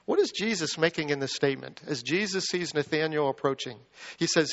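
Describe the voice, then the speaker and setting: High-voiced animated preacher man. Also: brisk, in a large hall, dull audio. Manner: animated, acts out quoted lines with rising pitch. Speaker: pastor. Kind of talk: sermon.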